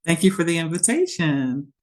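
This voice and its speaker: A woman's voice: lowish voice, very animated, normal speed. A woman from Louisiana, a guest artist and historian, talking with humor in an interview over a video call. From Louisiana, United States. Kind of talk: interview conversation.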